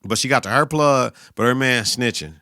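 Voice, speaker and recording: A man's voice: medium pitch, normal speed, sharp tone, no echo, clean studio sound. A man hosting a podcast, recapping a TV episode in casual, profane, slang-heavy talk and talking back at the characters. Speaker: podcast host.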